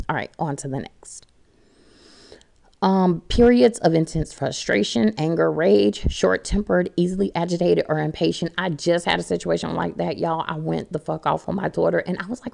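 A middle-aged woman chatting casually to her viewers in a blunt, profane, animated way. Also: low voice, vocal fry. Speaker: vlogger.

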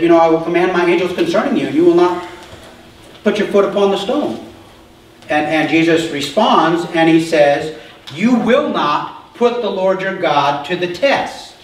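High-voiced pastor preaching in an echoey hall. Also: male voice, slight background noise. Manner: conversational preaching, asks the congregation questions. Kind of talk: sermon. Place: church. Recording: echoey church hall from far off.

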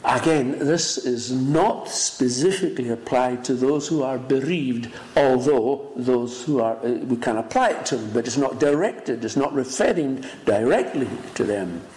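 A man preaching a sermon in an emphatic, dramatic style, swinging between loud rises and hushed lines. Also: mid-range voice, a little slow, hardly any pauses. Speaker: pastor. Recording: echoey room with faint noise.

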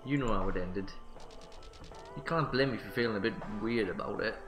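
A man's voice: lowish voice, normal speed. Give me a self-mocking man commentating a game, in a roomy-sounding space. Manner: jokey, self-mocking, laughing at the story. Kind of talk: let's play commentary. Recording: roomy sound with faint music.

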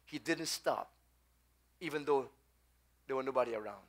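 A Trinidadian man preaching a sermon as pastor, calling out questions to the congregation and swinging between loud and hushed delivery. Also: medium pitch, moderate pace. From Trinidad and Tobago.

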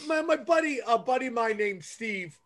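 Speaking at normal speed in an extremely high-pitched voice, a middle-aged man swaps rambling, swear-filled stories with lively energy. He's a comedian and podcast host chatting casually.

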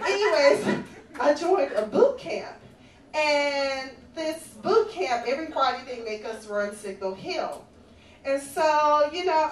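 A woman doing a stand-up comedy routine in a comedy club, sassy and conversational as she teases the audience. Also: high-pitched. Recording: echoey, far-off club recording with faint ambient noise.

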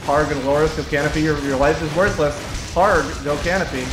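A man's voice: fairly high pitch, fairly even intonation, fairly quick. A man commanding his team in a live online game, giving urgent, repeated orders. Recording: echoey, noisy game capture. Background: gunfire from game.

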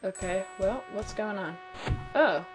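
A woman's voice: mid-range voice, measured pace, over music. A woman playing a video game and reacting bluntly, with exclamations and swearing. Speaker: gamer. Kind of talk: let's play commentary.

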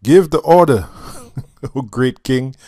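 A man voicing a fawning group of royal courtiers who gush with flattery. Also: lowish voice, slow pace. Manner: gushing, flattering.

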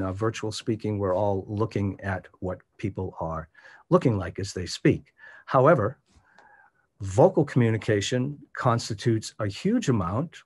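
A man leading an online workshop as a voice coach, speaking in a measured, demonstrative way and varying his pitch for emphasis. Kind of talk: instructional presentation. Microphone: video call.

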